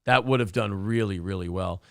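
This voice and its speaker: A man's voice: low voice, brisk, no room sound, clean studio sound. A male morning show host, bantering crudely and joking with his co-host. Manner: crude, joking, swears freely. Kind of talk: casual radio show banter.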